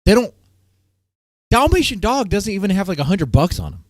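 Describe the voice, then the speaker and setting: A man's voice: high voice, big pitch swings, normal speed, dry recording, studio quality. A man hosting a casual live-stream panel, ranting and repeating himself, breaking into laughter often. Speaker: stream host.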